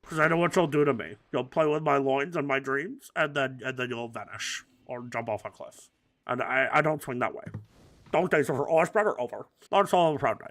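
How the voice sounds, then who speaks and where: A man giving let's play commentary, rambling through absurd, crude jokes and swinging between mumbled asides and loud outbursts. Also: mid-range voice, a little fast. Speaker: gaming commentator.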